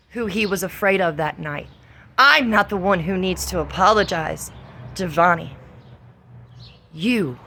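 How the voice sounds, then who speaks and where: A middle-aged woman with a Southern US accent, venting in a profane, confrontational vlog monologue that rises to shouts. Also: medium pitch, slight background noise. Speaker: vlogger.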